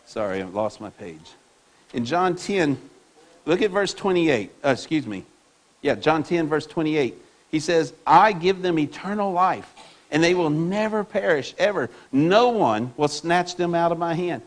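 High-voiced emphatic male preacher. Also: animated, unhurried. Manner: emphatic preaching with rhetorical questions and repetitions; reads scripture aloud to the congregation. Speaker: pastor. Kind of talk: sermon.

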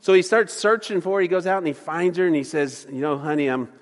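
A man's voice: sits high, quick pace, big-room sound. A man preaching a sermon, folksy and joking, often stammering and repeating words as he talks. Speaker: pastor. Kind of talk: sermon with jokes. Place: church sanctuary.

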